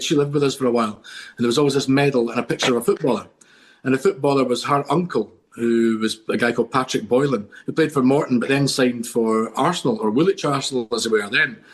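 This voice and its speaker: Middle-aged scottish guy on a podcast, rambling excited stories, keeps restarting, mid pitch. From Scotland. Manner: enthusiastic rambling storyteller with many restarts. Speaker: guest. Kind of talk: casual podcast chat.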